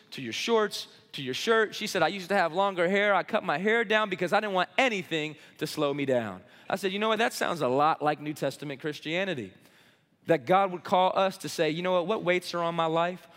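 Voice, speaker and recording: A man's voice: a little high, a bit bright. A middle-aged male pastor delivering a sermon, building in intensity and calling for responses from the congregation. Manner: preaching with rising intensity, call and response. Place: church sanctuary. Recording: long reverb of a large church hall.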